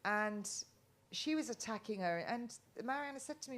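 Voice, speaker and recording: A woman's voice: on the high side, normal speed, a bit bright. A middle-aged woman from England talking as a guest in a casual live chat, rambling with many restarts and ums.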